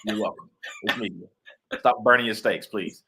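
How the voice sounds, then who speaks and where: A man's voice: fairly low pitch, normal speed, creaky, pushed and bright. A young adult man in a casual interview, telling playful stories and acting out the voices of the people in them. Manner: playful storyteller, acts out quoted voices. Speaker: guest author and actor.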